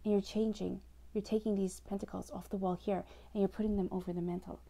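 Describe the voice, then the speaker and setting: A woman's voice: medium pitch, little pitch movement, fast, vocal fry, mellow. A woman giving a tarot reading, speaking directly and reassuringly to the listener in a flowing way. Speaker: tarot reader. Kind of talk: scripted-free spoken tarot reading to camera.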